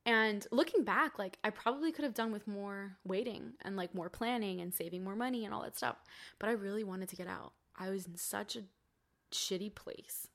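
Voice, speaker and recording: A woman's voice: mid-range voice, moderate pace, vocal fry, a bit bright. A young woman, a podcast guest, telling her story in a candid, casual way, swearing freely and saying "like" a lot. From Cuban family.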